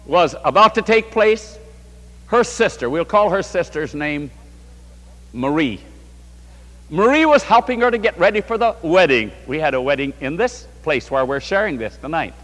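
His voice sits high and a bit bright as he preaches in a large hall. The man, from New York State, addresses a big congregation with a fervent sermon that rises and falls.

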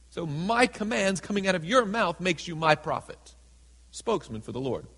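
A man preaching a sermon in a church, reading scripture slowly and dramatically and acting out the people in it. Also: high voice, lively intonation, a bit bright, slightly rough. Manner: reads scripture slowly and dramatically, voices characters in asides. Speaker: pastor. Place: church sanctuary. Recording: hall with long reverb.

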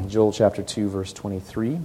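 A man preaching a sermon, telling stories with animated rises and quiet asides, recorded in a church hall. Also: on the low side, creaky, a little hiss or hum. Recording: long hall reverb.

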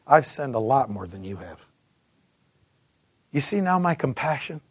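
A man's voice: mid-range voice, unhurried, slightly rough, dry recording. A man in his fifties giving a sermon testimony, telling his story with energy and acting out the voices of others. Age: 50s. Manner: animated storytelling, acts out voices, repeats words.

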